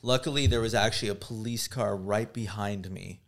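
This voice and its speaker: A man's voice: lowish voice, moderate pace, gravelly. A man talking as a guest on a podcast, casual and earnest, with some hesitant fillers. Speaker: guest, motorcycle gear salesman. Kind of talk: casual chat.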